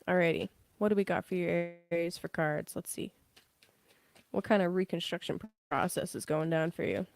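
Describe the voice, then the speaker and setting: A woman's voice: fairly low pitch, normal speed, gravelly. A young woman giving a casual live tarot reading, chatty, laughing often and swearing freely. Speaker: tarot reader.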